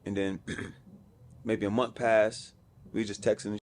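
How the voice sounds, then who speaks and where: A man's voice: fairly low pitch, little pitch movement, measured pace, a little hiss or hum. A man from Brooklyn with a New York accent, a podcast guest telling a story in casual slang and acting out the voices of people he quotes. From Brownsville, Brooklyn, New York. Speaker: podcast guest, music executive.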